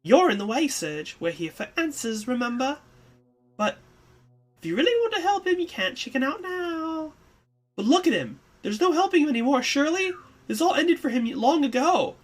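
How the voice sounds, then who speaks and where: A streamer voicing a brash, pushy young female thief from a text game, loud and taunting. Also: high-pitched, big pitch swings, moderate pace, pitched above the performer's own voice. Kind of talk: reading a text game aloud.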